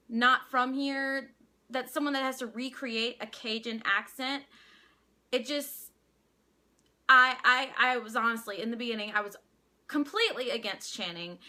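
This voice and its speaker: A woman's voice: high-pitched, sharp tone. A young woman from Louisiana with a light Louisiana accent, sharing her opinion in a casual vlog and often stopping to restart her sentences. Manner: hesitant, many restarts. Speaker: vlogger.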